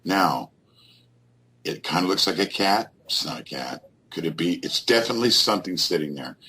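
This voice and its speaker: A man's voice: low voice, animated, normal speed, pushed and bright, a little hiss or hum. A man, a guest on a radio show, telling a rambling ghost-hunting story full of fillers and restarts. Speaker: guest paranormal investigator.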